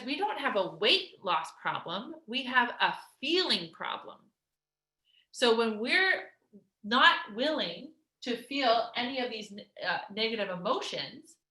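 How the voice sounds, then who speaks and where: A woman weight loss coach giving an energetic, emphatic motivational talk, chatty with lots of restarts. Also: a little high. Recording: roomy echo.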